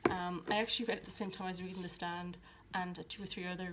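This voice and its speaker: A woman's voice: on the low side, little pitch movement, quick pace, heavy background noise. Chatty woman vlogging about books. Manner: chatty, rambling, with many ums and restarts. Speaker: book vlogger. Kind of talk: casual chat. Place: at home by her bookshelves.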